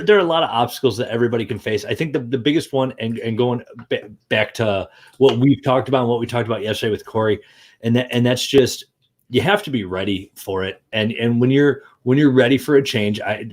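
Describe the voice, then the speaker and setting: A man hosting a casual livestream chat, joking and often repeating words as he restarts. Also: mid-range voice. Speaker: show host.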